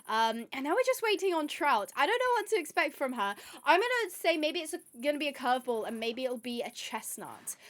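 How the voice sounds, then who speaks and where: A woman hosts a casual gameplay video in a high, bright-sounding voice. She is excitable and chatty and often gasps with delight as she plays. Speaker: gaming video host.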